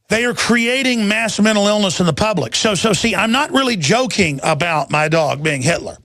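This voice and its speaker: Talk radio host, man: high gravelly voice, ranting and sarcastic, dry studio sound. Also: animated, moderate pace, few pauses, fairly bright tone, no echo. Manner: ranting, sarcastic, frequent restarts and pitch jumps. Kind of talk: animated political monologue.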